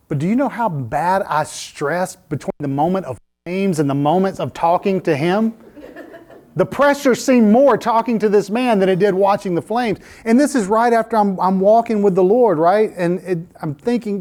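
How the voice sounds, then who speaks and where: Guy preaching in church, pretty high voice, laughs at his own story a lot. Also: moderate pace. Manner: animated storytelling, laughing at himself. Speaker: pastor. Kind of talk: sermon. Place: church sanctuary.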